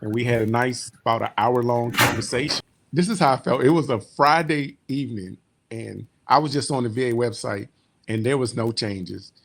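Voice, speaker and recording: A military veteran giving a rambling, heartfelt client testimonial that often trails off quietly. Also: male voice, medium pitch, normal speed, creaky, a little hiss or hum. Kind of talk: personal testimonial storytelling.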